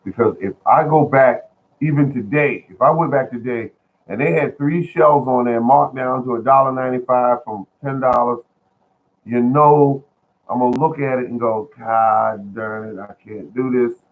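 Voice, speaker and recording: A man's voice: mid-range voice, normal speed. A man rambling casually to his viewers from home about gardening bargains, repeating himself and calling them folks. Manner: chatty, repetitive, addresses viewers as folks. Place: at home, indoors. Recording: phone-like lo-fi sound.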